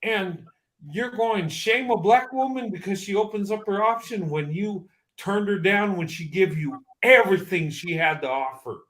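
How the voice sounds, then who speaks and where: Man in his fifties, high-pitched voice, impassioned testimony, emphatic and repetitive. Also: normal speed, fairly bright tone. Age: 50s. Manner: emotional, emphatic, repeats himself.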